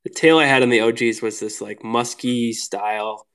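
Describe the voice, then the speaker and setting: A man from Minnesota chats as a podcast guest, telling stories with lively energy. He laughs easily and keeps dropping "like" between his phrases. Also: medium pitch, moderate pace, clean tone. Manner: animated, laughing, lots of "like" fillers. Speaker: podcast guest, lure builder. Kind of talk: casual storytelling chat.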